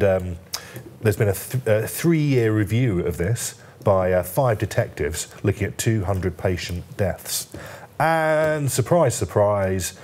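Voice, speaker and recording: A man's voice: sits low, a little mellow. A male journalist guest on a TV newspaper review, talking in stops and starts with a light joking tone. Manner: hesitant, many fillers and restarts, lightly joking. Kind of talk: studio discussion.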